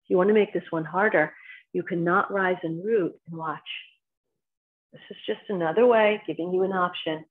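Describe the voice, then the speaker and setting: A woman's voice: fairly low pitch, steady tone, normal speed. A woman with a New Jersey accent leading a qigong class, giving short spoken cues timed to each movement. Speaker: qigong instructor. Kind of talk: guided exercise class instruction. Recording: tinny phone-like sound.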